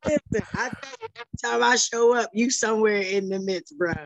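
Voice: medium pitch, expressive, fairly quick, creaky. Earnest participant on a group call. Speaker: meeting participant. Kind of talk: casual chat on a group call.

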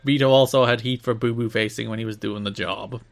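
A man's voice: mid-range voice, steady tone, brisk, vocal fry. A man co-hosting a casual podcast, rambling and sarcastic, often breaking into laughter. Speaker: podcast co-host.

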